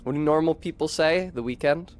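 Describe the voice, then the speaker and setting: A man's voice: on the high side, fairly quick, darkish tone, a little hiss or hum. A young man streaming a game, chatting casually, swearing and correcting himself as he rambles. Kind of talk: casual gameplay commentary.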